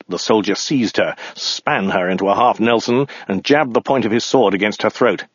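A man reading a story aloud in a dry, deadpan narrating manner, in a dull, dry recording. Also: fairly low pitch, moderate pace, few pauses, slightly rough, no room sound. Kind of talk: audiobook narration.

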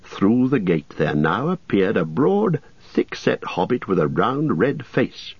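Male audiobook narrator, low and husky, lively delivery, dull dry recording. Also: no echo. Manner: measured, expressive storytelling. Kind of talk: audiobook reading.

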